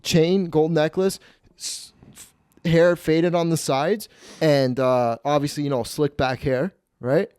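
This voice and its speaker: A man's voice: a little high, fairly even intonation, slow pace, darkish tone, smooth, no echo, clean studio sound. A man hosting a podcast, telling a rambling, profane comedy story. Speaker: podcast host.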